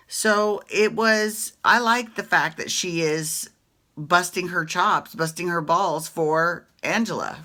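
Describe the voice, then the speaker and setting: A woman's voice: on the low side, bright, forceful tone. A woman hosting a casual reality TV recap, chatty and opinionated, swearing freely and often tagging her points with "right?".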